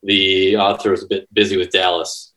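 A man's voice: sits low, level tone, moderate pace, bright, forceful tone, low-quality recording. A man appearing as a guest on a podcast, laid-back and modest in casual chat. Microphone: remote call.

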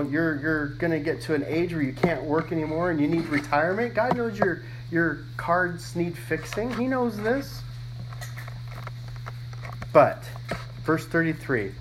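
A man's voice: a little high, noisy background. A man preaching a sermon as pastor, reading scripture with emphasis and often repeating words as he thinks aloud.

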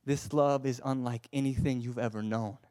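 This preacher's mid-range voice holds a steady tone at normal speed on a dry recording. His sermon is passionate, lurching from loud urging to a soft hush, with frequent stammers and repeated words.

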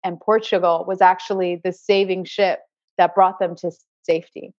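A woman's voice: lowish voice, flat delivery, moderate pace, darkish tone, no echo. A woman guest on a podcast who works as an acupuncturist, telling a personal healing story in an earnest, spiritual way and often repeating words as she searches for them. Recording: dry, slightly dull recording.

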